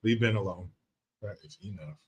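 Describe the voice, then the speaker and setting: A man's voice: fairly low pitch, moderate pace, a little hiss or hum. A man hosting a live stream from the United States, reacting to chat in a brash, mocking, profane way. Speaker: livestream host.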